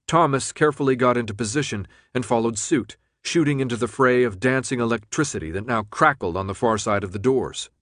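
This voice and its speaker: A man reading an audiobook as narrator, with steady, even-paced storytelling. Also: mid-range voice, brisk, hardly any pauses, no room sound, studio quality. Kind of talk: scripted narration.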